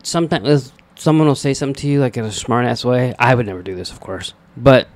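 A middle-aged man co-hosting a podcast in casual chat, speaking haltingly with dry teasing asides. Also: medium pitch, a little mellow. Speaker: podcast co-host.

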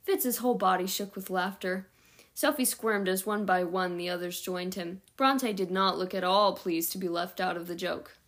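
A woman's voice: fairly low pitch, steady tone, moderate pace, fairly bright tone. Woman reading a novel aloud. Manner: unpolished, with small slips and self-corrections. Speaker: audiobook reader.

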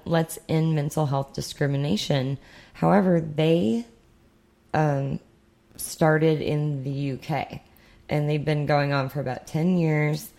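A woman's voice: low voice, gravelly, warm tone. A young woman from the United States co-hosting a podcast in casual, rambling chat with sarcastic asides. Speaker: podcast co-host.

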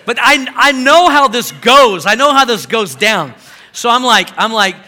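Animated bright-voiced male pastor preaching. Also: very high voice. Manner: animated storytelling, swinging from loud bursts to slow hushed emphasis. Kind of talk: sermon.

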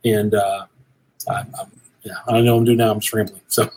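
A man's voice: fairly low pitch, flat delivery, brisk, a little mellow, slight background noise, rough recording. A middle-aged man talking earnestly and rambling a little, like a preacher, as a guest on a cigar show. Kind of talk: casual conversation.

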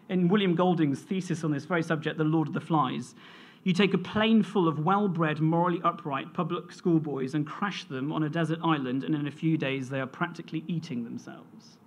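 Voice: mid-range voice, moderate pace. A preacher delivering a sermon in an earnest, storytelling manner, reading scripture and sharing a family anecdote.

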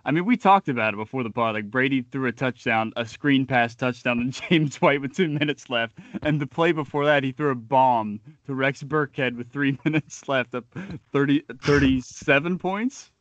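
A man's voice: mid-range voice, moderate pace, few pauses, a bit bright, no echo, highs cut off. A man co-hosting a sports podcast, riffing with trash talk and long comic analogies. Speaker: podcast co-host.

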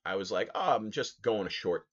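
A young man with a low, deep voice and a lot of swing in his delivery rants about his run-ins on a casual solo podcast. He swears freely and laughs as he goes. The audio is a little dull and muffled. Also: normal speed. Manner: animated storyteller, swears freely, laughs while telling. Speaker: podcast host.

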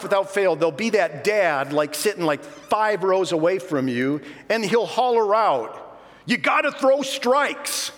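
A middle-aged pastor telling self-mocking stories in an animated sermon. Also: male voice, sits high, long reverb tail.

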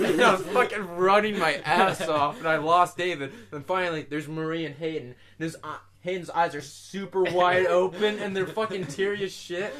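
A man's voice: sits high, steady tone, normal speed, few pauses, a crowd in the background. A young man on a podcast telling a rambling story, swearing constantly and laughing at himself. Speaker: podcast co-host. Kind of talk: casual storytelling.

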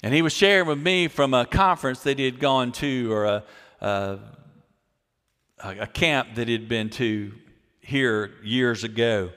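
A man's voice: mid-range voice, unhurried. Emphatic male pastor in echoing hall. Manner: emphatic, repeats key phrases, swings between loud and quiet. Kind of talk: sermon. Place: church sanctuary. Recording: long hall reverb.

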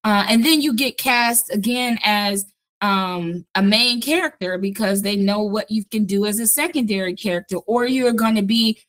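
A woman's voice: mid-range voice, moderate pace, a bit bright. A woman hosting a podcast interview, chatting casually, laughing often and acting out quoted conversations. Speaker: audiobook producer and podcast host.

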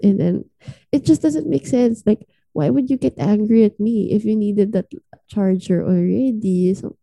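A woman's voice: medium pitch, unhurried, creaky, warm tone, dry recording. A young Filipina woman with a Filipino accent, casually telling a story on a podcast and acting out the quoted lines with animation. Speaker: podcast co-host.

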